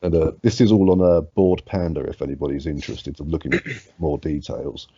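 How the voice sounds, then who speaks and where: A man's voice: rumbling low, steady tone, fairly quick, mellow, slightly rough, dull audio. A man co-hosting a casual podcast, sweary and laid-back, reading odd facts aloud. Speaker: podcast co-host.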